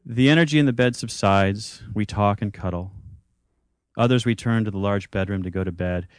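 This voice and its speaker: Deep-voiced man reading an intimate story. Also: moderate pace, no echo, clean studio sound. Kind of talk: reading a first-person story aloud.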